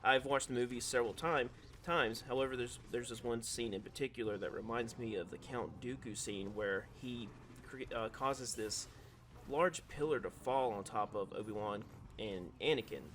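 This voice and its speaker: A man talks through his thoughts on a game in a loose, analytical voice-over. He rambles and restarts sentences as he works out what he means, at an ordinary mid-range pitch. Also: moderate pace, fairly bright tone, slight background noise. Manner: rambling, analytical, self-correcting. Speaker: gaming video creator.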